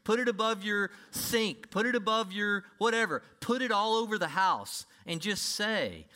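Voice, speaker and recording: A man's voice: high-pitched, expressive, moderate pace, few pauses. Emphatic man preaching a sermon. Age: older. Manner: emphatic, with sudden swings between loud and quiet. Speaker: pastor.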